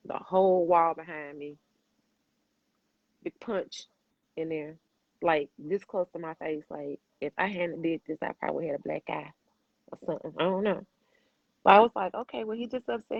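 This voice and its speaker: A woman's voice: deep voice, vocal fry, no echo, highs cut off. A woman hosting a podcast, talking candidly and emphatically, swearing freely and calling the listener baby. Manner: addresses listener as baby and boo. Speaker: podcast host.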